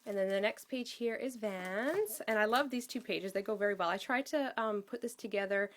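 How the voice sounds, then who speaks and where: A woman chatting casually as she shows a handmade scrapbook album, gushing with praise and pausing often with ums. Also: mid-range voice, slight background noise. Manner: enthusiastic, gushing, with many ums. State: out of breath. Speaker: craft vlogger.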